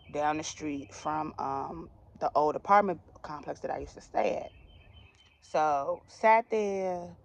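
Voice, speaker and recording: A woman's voice: fairly low pitch, gravelly. A young woman from the DMV area telling a personal storytime to her viewers in a chatty, slangy way with laughing asides. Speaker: vlogger. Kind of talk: casual storytime.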